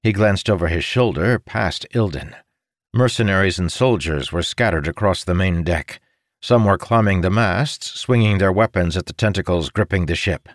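A man narrating a fantasy audiobook in a steady, measured reading. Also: sits low, dry recording, studio quality.

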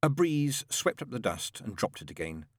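A man narrating an audiobook in a dry, measured storytelling manner. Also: mid-range voice, big pitch swings, dry recording.

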